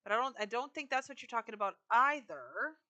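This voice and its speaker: A woman's voice: fairly high pitch, big pitch swings, brisk, sharp tone. A woman live streaming a video game, chatting casually with her viewers while she decorates.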